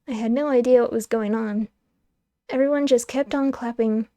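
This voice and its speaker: A young woman streamer reading a game's narration aloud, lively and wry, on a close microphone. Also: fairly high pitch, normal speed, dry recording. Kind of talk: expressive narration of a game's text.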